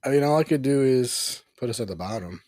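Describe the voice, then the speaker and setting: A man's voice: medium pitch, animated, a little fast, darkish tone. A man hosting a casual live review stream, easygoing, laughing often and acting out characters' lines as he recaps. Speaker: host reviewing a cartoon episode.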